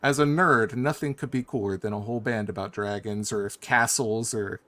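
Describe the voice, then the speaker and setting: A male game designer guest chatting loosely and excitedly over a video call, with many fillers. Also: on the low side, normal speed. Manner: loose and animated, heavy on fillers. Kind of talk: casual chat. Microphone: video call mic.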